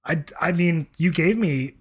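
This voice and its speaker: A man's voice: on the high side, unhurried, slightly rough. A man co-hosts a casual podcast. He speaks hesitantly, often restarting his sentences and filling the gaps with ums. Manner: hesitant, repeats words, many fillers. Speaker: podcast co-host. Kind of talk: casual chat.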